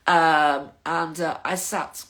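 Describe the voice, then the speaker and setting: A woman's voice: sits low, fairly even intonation, slow, fairly bright tone. An older woman, chatting casually to her viewers in a rambling, waffling monologue as the host of her own vlog.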